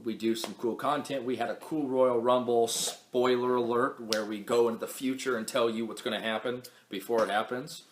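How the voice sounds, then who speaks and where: A man's voice: medium pitch, fairly even intonation, normal speed, hardly any pauses, reverberant, slight background noise. A young man hosting a casual wrestling recap vlog, chatty and rambling, stumbling over words and correcting himself. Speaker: wrestling show recap host.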